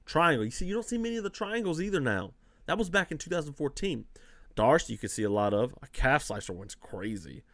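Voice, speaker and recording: A man's voice: on the high side, big pitch swings, brisk, a bit bright, dry recording. A man hosting a show, giving casual fight analysis in a loose, conversational way. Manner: loose and conversational, with many fillers and repeats. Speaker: host.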